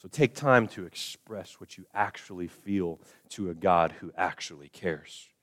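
A male pastor preaching a sermon, swinging from quiet, slow passages to loud, high emphasis and acting out quoted voices. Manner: acts out quoted voices of the congregation. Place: church.

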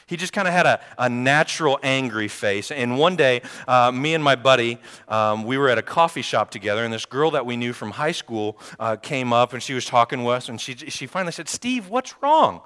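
Pastor guy giving a sermon, lively, jokes with the crowd, mid pitch, long echoey church hall. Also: brisk, hardly any pauses, clean tone. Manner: lively, joking asides to the congregation. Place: church sanctuary.

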